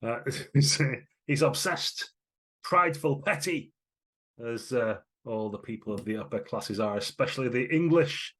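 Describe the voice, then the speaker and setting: A man narrating as game master in a tabletop game, lively and wry. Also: medium pitch. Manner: lively, wry, quick asides.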